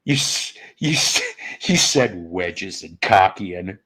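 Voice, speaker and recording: A man's voice: low-pitched, expressive, takes it slowly, fairly bright tone, husky. A man hosting a casual live stream, rambling and joking with viewers with crude humor. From northern United States.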